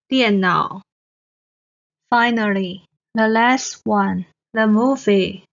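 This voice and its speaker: A woman's voice: medium pitch, extremely slow, creaky. A woman from Taiwan teaching Mandarin pronunciation, repeating each word twice with careful enunciation. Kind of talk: slow, deliberate pronunciation lesson. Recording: dull, muffled lo-fi recording.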